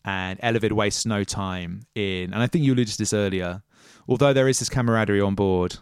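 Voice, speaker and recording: A man narrating a tabletop game as game master, with measured storytelling and casual asides. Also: lowish voice, clean tone, no room sound, clean studio sound.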